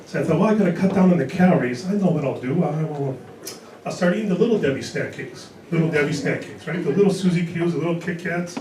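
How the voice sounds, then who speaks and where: Man in his sixties, stand-up comedian, deadpan one-liners, high-pitched, distant echoey club sound. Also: fast talker, background noise. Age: 60s. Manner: deadpan punchline delivery with dry one-liners. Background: audience laughter.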